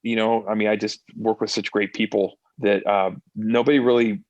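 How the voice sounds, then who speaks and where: A man's voice: fairly low pitch, moderate pace, dry recording, dull audio. Chatty middle-aged stuntman telling stories. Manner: animated, lots of fillers and restarts. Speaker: stuntman and actor, guest. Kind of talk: casual interview storytelling.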